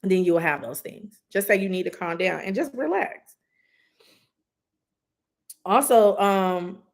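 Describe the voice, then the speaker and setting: A woman doing a live intuitive reading, giving earnest, direct advice with many asides. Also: medium pitch. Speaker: psychic reader.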